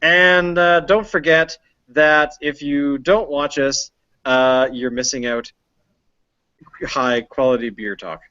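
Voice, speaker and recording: A man's voice: a little high, fairly even intonation, slow, bright, forceful tone, smooth, no echo, highs cut off. A man hosting a casual beer podcast, rambling along with lots of ums and uhs. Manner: rambling with many fillers. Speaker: podcast host. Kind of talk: casual chat.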